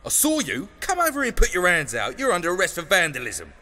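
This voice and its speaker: A man's voice: sits high, huge pitch swings, fast, sharp tone, big-room sound, heavily acted. A man playing a foul-mouthed male street cop who talks brusque and crude.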